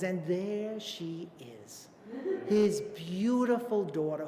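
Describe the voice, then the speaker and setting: A man in his fifties from Brooklyn, New York, telling a comic, self-mocking story on a theater stage. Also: sits high. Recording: echoey theater hall.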